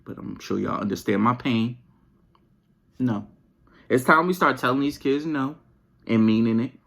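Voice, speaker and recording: Animated venting parent podcast host. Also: medium pitch, a little slow, gravelly. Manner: animated, jumps from mumbling to loud outbursts; casual slangy speech. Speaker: parent of young children and an eleven-year-old. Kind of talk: comedic venting monologue.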